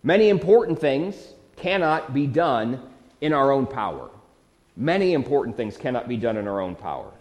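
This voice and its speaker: A man's voice: medium pitch, big pitch swings, normal speed, a little mellow, in a large hall. A man preaching a sermon as pastor, talking earnestly and conversationally, with rhetorical questions to the congregation.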